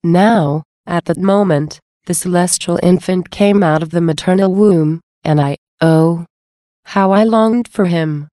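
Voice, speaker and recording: A woman giving a slow, reverent, measured devotional reading. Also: lowish voice, dark tone, no room sound, studio quality.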